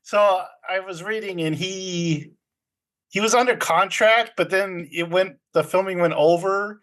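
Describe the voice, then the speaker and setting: A man with a somewhat high voice recaps a film in an easy, rambling chat. He takes his time, laughs often and acts out the lines he quotes. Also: unhurried, a bit bright. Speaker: podcast co-host recapping a film. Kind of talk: casual chat.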